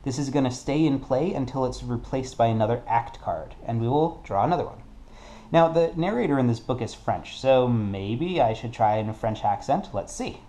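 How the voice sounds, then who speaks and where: A man's voice: medium pitch, animated, moderate pace, mellow. A man playing a solo tabletop game and explaining its rules in a casual way, thinking aloud and correcting himself as he goes. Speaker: board game player.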